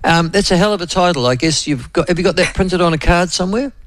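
A man's voice: high voice, fast, dry recording. A man with a New Zealand accent hosting a casual talk radio show, rambling and chatty with lots of fillers. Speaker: radio host.

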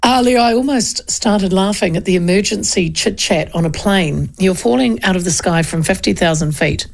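A woman's voice: mid-range voice, normal speed, creaky. A middle-aged New Zealand woman hosting talkback radio, chatting casually, reading out listener messages and telling cheeky stories.

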